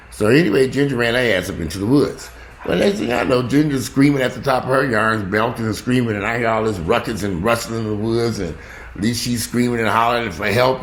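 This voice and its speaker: A man casually telling a profane, animated story about his dogs in a vlog. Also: fairly low pitch. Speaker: vlogger. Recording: echoey room with faint background noise.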